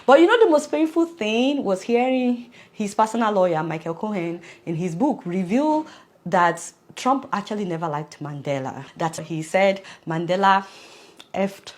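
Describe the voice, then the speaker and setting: A woman commentating on the news in a casual video, animated and talking directly to her viewers. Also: medium pitch.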